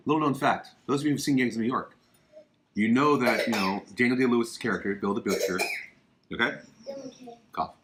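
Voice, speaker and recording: A man's voice: fairly low pitch, sharp tone, a little hiss or hum. A man hosting a casual livestream from his living room, chatting about films with emphatic, opinionated asides. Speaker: podcast host.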